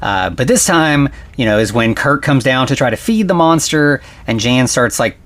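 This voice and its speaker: A man hosting a podcast who recaps a film in casual, rambling chat, full of "like" and "you know" and quick laughs. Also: mid-range voice, animated, a bit bright. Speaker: podcast host.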